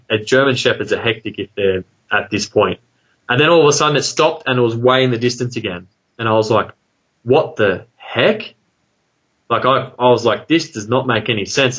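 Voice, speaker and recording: A man with an Australian accent telling a long story about his own experience in a casual, rambling way, full of fillers, quickening into excited asides. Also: medium pitch, muffled recording. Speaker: guest telling an encounter story.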